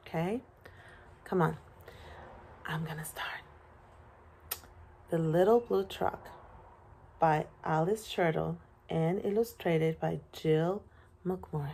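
Slow, expressive woman reading a picture book. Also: deep voice, creaky, breathy edge. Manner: expressive, with playful animal and truck sounds. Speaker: preschool teacher. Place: at home.

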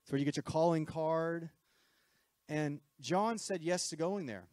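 A man's voice: fairly high pitch, measured pace, a little mellow, dry recording. A man preaching a sermon to a congregation in a conversational style, often checking in with "right?" and repeating himself. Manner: conversational preaching with frequent "right?" asides and repetitions.

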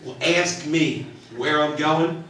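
A man's voice: fairly high pitch, slow pace, fairly bright tone, slight background noise. A middle-aged man doing live stand-up on a theater stage, chatty and self-mocking as he teases the audience. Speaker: stand-up comedian. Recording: echoey theater from far off with laughing crowd. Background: audience laughter.

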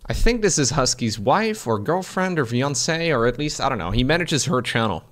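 A man casually commenting while editing a stream highlight, rambling and laid-back with the odd swear. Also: big pitch swings, normal speed, a bit bright. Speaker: video editor.

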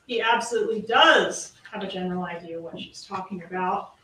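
A woman's voice: lowish voice, brisk, bright, forceful tone. A woman prosecutor delivering a closing argument, making pointed, emphatic points and firing rhetorical questions. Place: courtroom. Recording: echoey, distant courtroom audio with faint noise.

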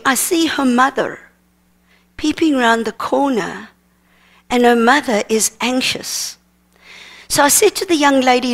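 A woman's voice: high voice, expressive, measured pace, long pauses. A woman, preaching and telling an emotional story with quoted dialogue at a seminar. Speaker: minister teaching at a seminar. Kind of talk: sermon testimony storytelling.

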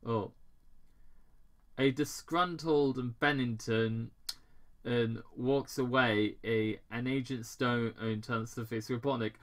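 A man's voice: mid-range voice, steady tone, takes it slowly. A man casually reading a fan story aloud and adding his own comments, often stumbling and restarting over words. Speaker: reader of fan fiction.

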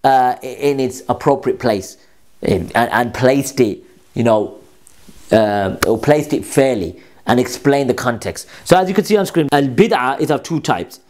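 A man's voice: medium pitch, animated, a little slow, a little mellow. A man presenting a polemical commentary on quoted texts, scolding his opponents directly and repeating key phrases for emphasis.

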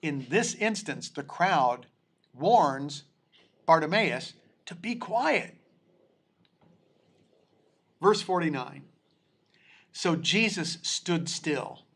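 A man teaching a church Bible study, his voice sitting a little higher than most men's. He reads scripture aloud at an unhurried, deliberate pace, then stops to explain it, often restarting his sentences as he goes. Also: lively intonation, a bit bright, husky. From United States. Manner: slow and deliberate, with many restarts.

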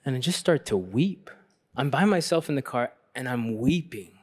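Earnest priest telling a personal story. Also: male voice, animated, normal speed. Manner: rises to a fervent pitch when preaching. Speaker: Catholic priest. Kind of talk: conference workshop talk.

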